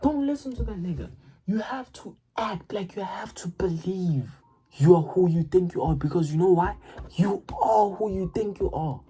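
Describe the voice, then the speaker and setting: A woman giving a casual, profane motivational rant, excitable and stammering as she repeats her words. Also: mid-range voice, breathy edge, rough recording. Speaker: motivational vlogger.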